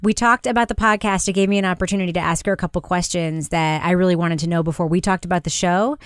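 A woman hosting a podcast discussion, talking in a chatty, quick way and laughing often. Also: on the low side, steady tone, clean tone, no echo, studio quality. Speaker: podcast host.

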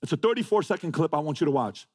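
Male motivational speaker, emphatic and repetitive, lively swooping delivery. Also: a little high, rapid-fire, slightly rough. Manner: emphatic, repeats phrases, rhetorical questions. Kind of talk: motivational talk to a live audience.

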